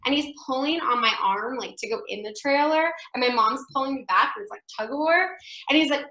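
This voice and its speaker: A woman actress telling an anecdote as an interview guest, animated and chatty, laughing often and acting out what others said. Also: sits high, a little fast, reverberant, poor audio.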